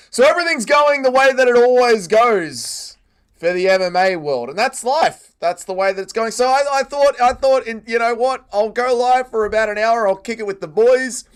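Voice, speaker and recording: A man hosting a casual livestream, greeting chat and joking around. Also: high voice. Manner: banters with chat, jokey and animated. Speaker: livestream host. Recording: faint music behind.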